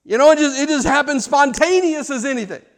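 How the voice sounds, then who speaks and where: High-voiced preacher telling stories. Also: male voice, fairly quick. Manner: storytelling with repeated words and rhetorical questions. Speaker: pastor. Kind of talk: sermon.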